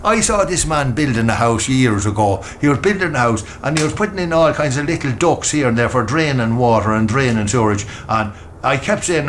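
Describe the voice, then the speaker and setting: An older Irish farmer from rural Meath rambles through folksy stories at home, speaking casually for a documentary indoors in a farmhouse. His mid-range voice is animated and brisk with few pauses, and there's slight background noise.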